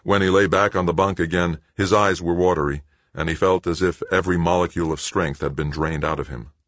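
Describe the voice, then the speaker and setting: A man reading a novel aloud in steady, measured audiobook narration. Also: low-pitched, no echo.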